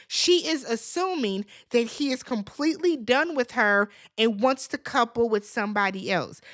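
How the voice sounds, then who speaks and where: A woman hosting a casual reality TV recap, talking in an animated, dramatic way with slangy asides. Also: fairly high pitch.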